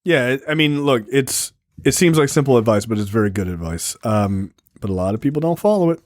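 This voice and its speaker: A man in a loose podcast film chat, rambling through the plot with ums and quick jokes. His voice sits in a middle register, recorded close and dry with no room sound. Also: mid-range voice, expressive, no room sound. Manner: rambling, with frequent ums and jokey asides. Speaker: podcast co-host. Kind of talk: casual movie review chat.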